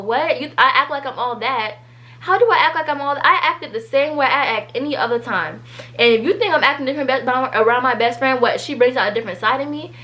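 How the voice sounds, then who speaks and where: A teenage girl, telling a storytime vlog and reading out an argument, animated and exasperated. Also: fairly high pitch. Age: teens. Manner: animated, exasperated, quick asides. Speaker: vlogger.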